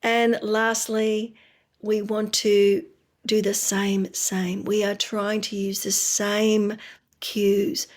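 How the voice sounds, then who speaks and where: A woman's voice: medium pitch, darkish tone. A woman, a speech pathologist giving parents practical advice in a friendly, explaining way that often checks in with the listener. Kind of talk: instructional talk to parents.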